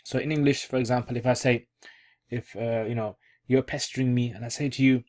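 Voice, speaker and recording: Man, grammar teacher, relaxed lesson talk, repeats key terms, mid-pitched voice, thinks aloud. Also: brisk.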